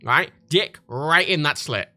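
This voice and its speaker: Rambling, lively British streamer bloke. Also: male voice, on the high side, slow pace, soft background music. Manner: rambling, crude, self-interrupting. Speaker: livestreamer. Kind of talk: casual livestream chat.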